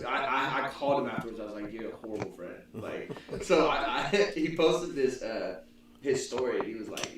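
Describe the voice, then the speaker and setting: Fast-talking man in an echoey room. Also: fairly high pitch. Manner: storytelling with profanity and laughter. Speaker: podcast host. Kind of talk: casual chat. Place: room with several people. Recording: echoey room, distant mic, talk behind.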